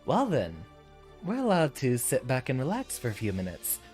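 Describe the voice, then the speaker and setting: A man's voice: medium pitch, huge pitch swings, normal speed, darkish tone, soft background music. A man streaming a fighting game, chatting and thinking aloud as he plays, now and then laughing. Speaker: VTuber streamer. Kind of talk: live gameplay commentary.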